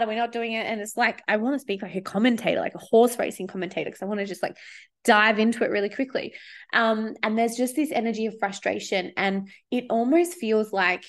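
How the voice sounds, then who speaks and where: A woman's voice: mid-range voice, a little fast. A woman talking casually in a studio as a spiritual podcast host, chatty and swearing freely as she acts out inner voices. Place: studio with windows.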